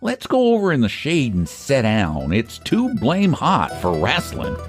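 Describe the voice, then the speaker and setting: A man voicing a stubborn, quick-tempered older rural pie seller with a rural American dialect and a folksy drawl. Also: medium pitch, wildly swooping pitch, soft background music, voice pushed up. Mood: gruff. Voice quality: folksy drawl, old-fashioned country grammar.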